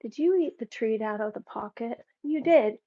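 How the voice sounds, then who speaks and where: A woman's voice: a little high, normal speed, warm tone, muffled recording. A woman vlogging at home, giving firm, repeated commands to her dogs between remarks to the camera. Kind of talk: casual home vlog. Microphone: camera set up in the room.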